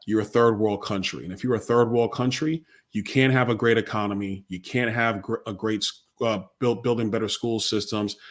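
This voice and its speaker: A man who is a congressman, answering a host's questions in a blunt, conversational and emphatic way. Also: on the low side. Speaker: congressman guest. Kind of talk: interview answers.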